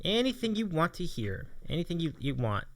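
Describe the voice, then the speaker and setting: Chatty guy hosting a stream, kinda high and bright, bounces around a lot. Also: big pitch swings, a little fast, dry recording. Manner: chatty, laughs often. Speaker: host. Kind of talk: casual live-stream chat.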